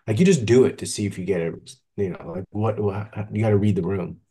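A man with a very deep voice, gravelly and husky. He co-hosts a podcast in casual chat and keeps a deadpan, mock-naive delivery, feigning innocence in a flat tone. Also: a little fast. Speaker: podcast co-host.

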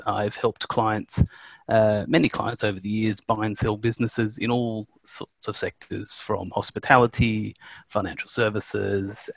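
A man's voice: lowish voice, vocal fry, dry recording. A man from Australia, co-hosting a podcast in a chatty, jokey, self-deprecating way. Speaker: podcast co-host, corporate lawyer. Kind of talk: casual podcast chat.

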